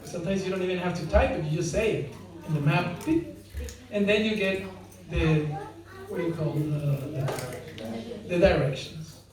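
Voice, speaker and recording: A mid-range voice at normal speed carries an informal spiritual talk full of jokes and questions for the audience, met with frequent laughter. Crowd noise fills the big hall, which sounds very echoey through a distant microphone.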